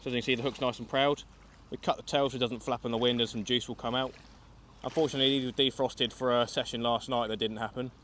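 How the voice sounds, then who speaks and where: By a river outdoors, a young Englishman talks viewers through his fishing trip in a chatty vlog, explaining each step. His mid-range voice is fast, a bit bright, and fairly even in intonation, with a little hiss or hum on the recording.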